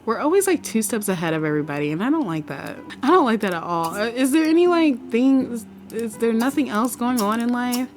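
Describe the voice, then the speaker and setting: A chatty, excitable woman narrates her life-sim game in a casual let's play. She laughs often, swears freely and talks straight into a desk USB microphone. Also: on the high side, brisk, few pauses, slight background noise.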